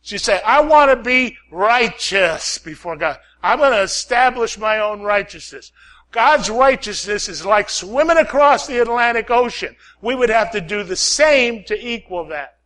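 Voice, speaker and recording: A man preaching a sermon, swinging from loud calls to hushed prayer, repeating lines and asking "Amen?". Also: high-pitched, lively intonation, moderate pace.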